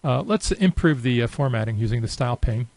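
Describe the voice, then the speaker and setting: Man, software tutorial narration, relaxed, filler-heavy, mid pitch, dry close sound. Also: a little fast, no room sound, poor audio. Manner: relaxed, thinking aloud with many fillers. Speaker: software demonstrator. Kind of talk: screen-recorded software tutorial.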